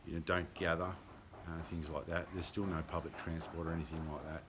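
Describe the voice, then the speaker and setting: A man's voice: deep voice, flat delivery, brisk, background noise. A middle-aged Australian man rambling earnestly through a casual video diary, with lots of ums and blunt, sweary asides. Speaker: vlogger keeping a lockdown diary.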